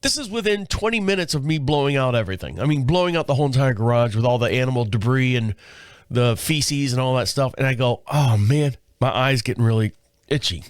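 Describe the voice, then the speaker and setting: A man's voice: mid-range voice, expressive, fast talker, clear, resonant tone, no room sound, clean studio sound. A man in his fifties hosting a show, telling rambling, profane stories while sick with a cold and a sore throat. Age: 50s. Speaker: podcast host. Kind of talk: casual chat monologue.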